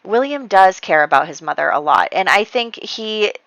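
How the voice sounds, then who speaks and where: A woman's voice: medium pitch, big pitch swings, normal speed, fairly bright tone, no room sound, poor audio. A young woman chattily recapping her life-sim gameplay story, rambling with fillers and restarts. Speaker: let's play host. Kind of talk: casual gameplay recap narration.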